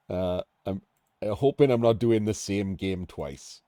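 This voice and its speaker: In a measured, warm, fairly low voice, a middle-aged man rambles through a casual game-analysis commentary, frequently interrupting himself to start sentences over. The studio sound is clean and echo-free.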